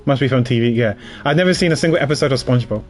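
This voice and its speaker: A man's voice: medium pitch, very fast, faint music behind. Chatty self-mocking male streamer. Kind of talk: casual livestream commentary.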